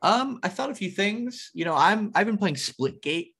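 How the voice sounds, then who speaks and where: A man's voice: high voice, expressive, moderate pace, creaky, a bit bright, slightly rough. A man co-hosting a casual podcast, talking loosely with lots of restarts and fillers. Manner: rambling, many restarts and fillers. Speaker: podcast co-host. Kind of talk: casual chat.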